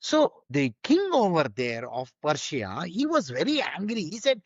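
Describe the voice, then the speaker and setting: A man's voice: fairly high pitch, huge pitch swings, measured pace, no echo, highs cut off. A man giving an informal spiritual teaching, conversational and full of rhetorical questions.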